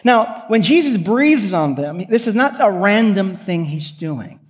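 A man's voice: high-pitched, big pitch swings, a little slow. A male pastor preaching a sermon, earnest and building with repetition, weaving in personal stories. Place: church sanctuary. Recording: long hall reverb.

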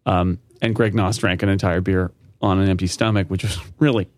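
A man talking as a guest on a casual podcast, animated, laughing easily and often restarting his sentences. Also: low-pitched, brisk, dry recording, studio quality.

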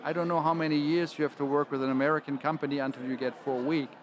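Guy on a panel, kinda high voice, stops and restarts a lot. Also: little pitch movement. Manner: halting, restarts phrases often. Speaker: guest. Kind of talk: panel discussion.

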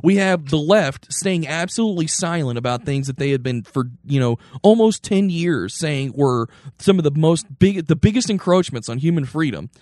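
A young man co-hosting a casual political chat podcast, talking in animated, rambling bursts with restarts. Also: on the high side, normal speed, few pauses, dry recording, clean studio sound. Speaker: podcast co-host.

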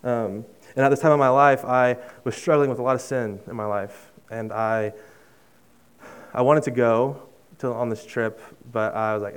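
Earnest young man preaching, smooth voice. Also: mid-range voice, steady tone, moderate pace. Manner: earnest and conversational, many fillers and restarts; drops to a soft hush on emotional lines. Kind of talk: sermon with personal story.

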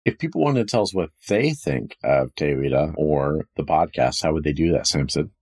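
A man hosts a tabletop game podcast, steering the chat with a dry, wry manner. His voice sits extremely low. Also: expressive, moderate pace, a little mellow. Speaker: game master and host.

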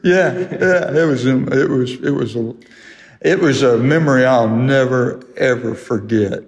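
A man's voice: medium pitch, measured pace. An older man telling a sports story as an interview guest, laughing through his own anecdote. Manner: folksy storyteller who laughs through the tale. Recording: long hall reverb.

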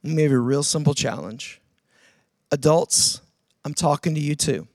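A man preaching a sermon, calling on the audience to answer and swinging between loud urging and hushed emphasis. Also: on the high side, normal speed, pauses often, dry recording, clean studio sound. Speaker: pastor.

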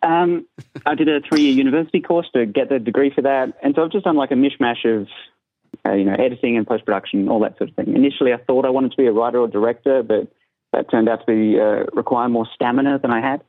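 A man's voice: medium pitch, quick pace, no room sound. Young Australian man on a phone line. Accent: Australian with a British tinge. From South Australia. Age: 20s. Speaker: caller. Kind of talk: casual phone-in chat.

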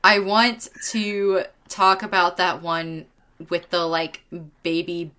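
A woman's voice: on the low side, steady tone, slow, bright, forceful tone, clear, resonant tone. A woman, co-hosting a podcast in casual chat, rambling, laughing often and swearing freely. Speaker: podcast co-host.

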